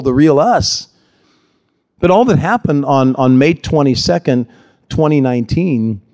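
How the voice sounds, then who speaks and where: Animated preaching man, fairly high voice. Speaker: pastor. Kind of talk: sermon.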